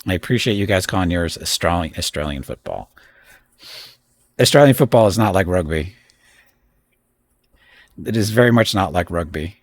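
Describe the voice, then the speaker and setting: A man's voice: deep voice, expressive, normal speed, pauses often. A middle-aged man streaming live, rambling through a games list with opinionated asides to chat. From United States. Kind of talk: casual live-stream commentary.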